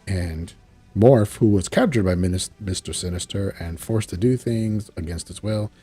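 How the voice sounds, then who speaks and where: Faint music plays behind a man with a deep, breathy-edged voice as he recaps a cartoon episode at normal speed, with no room sound. The show reviewer keeps it casual and rambling, animatedly voicing the characters and chuckling at asides.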